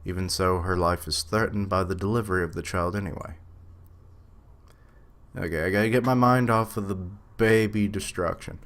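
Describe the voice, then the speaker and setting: A man with a low, deep voice reacts live while reading a comic. He thinks out loud, muses over what he reads and corrects himself along the way. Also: fairly even intonation, normal speed. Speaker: reaction streamer. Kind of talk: live reaction commentary, reading manga aloud.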